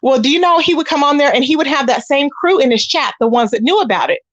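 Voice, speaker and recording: Host, woman, high voice, dry close sound, animated gossip storyteller. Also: fast talker, dry recording, highs cut off. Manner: animated storytelling, acts out quoted voices, talks straight to viewers. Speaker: commentary channel host. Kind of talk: casual gossip commentary.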